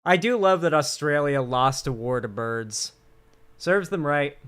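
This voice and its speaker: A man's voice: a little high, expressive, measured pace, fairly bright tone, smooth. A young man streaming casual political commentary, rambling and crude, from a cramped home setup.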